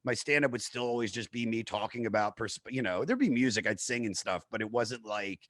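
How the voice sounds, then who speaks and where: A man's voice: mid-range voice, a little fast, fairly bright tone, no echo, studio quality. Rambling, foul-mouthed male comedian. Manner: rambling, swears freely, self-mocking. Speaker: comedian guest. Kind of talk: casual podcast chat.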